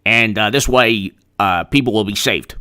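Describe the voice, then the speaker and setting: This is a man hosting a live political commentary show. He reads the news, then drifts into sarcastic, rambling asides full of restarts. His voice is bright and pushes forward with force. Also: lowish voice, normal speed, clean tone. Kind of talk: live-streamed political commentary, reading news and thanking chat.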